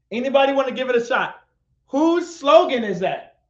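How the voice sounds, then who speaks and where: High-voiced man teaching an echoey class. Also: sing-song, normal speed, a bit bright. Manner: repetitive, questions the audience and calls on them. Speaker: class instructor. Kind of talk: live-streamed class lecture. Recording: echoey, dull lo-fi sound.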